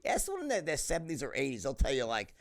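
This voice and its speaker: A racing, gravelly, medium-pitched voice comes from a middle-aged man guesting on a podcast. He tells animated, swear-filled stories in casual interview fashion, restarting frequently and adding "right?" often.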